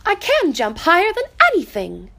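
A woman's voice: extremely high pitch, huge pitch swings, normal speed, creaky, a bit bright, slight background noise, voice pushed up, exaggerated voice. A woman voicing a shy, wistful little male toy rabbit who talks in a small, earnest, pleading way. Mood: defensive.

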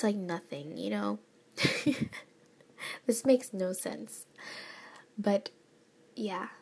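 With a mid-range voice, a young woman in college chats casually, often in a whisper. She's rambling and hesitant, with lots of fillers and soft laughs. A lingering cold leaves her sounding stuffy.

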